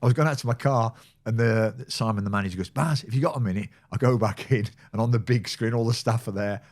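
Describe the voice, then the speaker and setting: A man in his sixties, a former football physio, telling lively anecdotes in a casual podcast chat and acting out the people he quotes. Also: fairly low pitch, fast. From England. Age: 60s. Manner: storyteller who acts out quoted people, laughing often.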